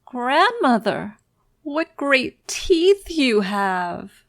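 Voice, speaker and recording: A woman's voice: high-pitched, big pitch swings, very slow, a bit bright, dry recording, clean studio sound, voice pushed up, full character voice. A woman voicing a trusting, innocent little girl in a storybook read-aloud, in an earnest way. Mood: wondering.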